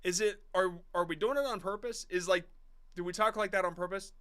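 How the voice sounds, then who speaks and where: Bright-voiced man in his thirties, rambling. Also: high voice, fairly quick, clear, resonant tone. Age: 30s. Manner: rambling, frank, with mild swearing and restarts. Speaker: host reviewing viewers' short videos. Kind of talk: casual live-stream commentary.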